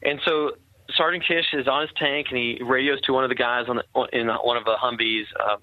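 A man's voice: medium pitch, steady tone, fairly quick, no room sound. Earnest man telling a story on a tinny line. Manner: earnest, conversational, many fillers and restarts. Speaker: former army captain telling a war story. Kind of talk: casual storytelling in conversation.

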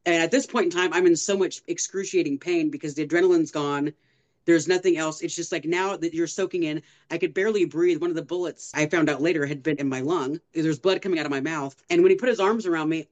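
A woman recounts a deeply personal testimony to a podcast host. She tells it earnestly, with lively, animated retelling and the odd laugh along the way. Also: fast talker. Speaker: guest.

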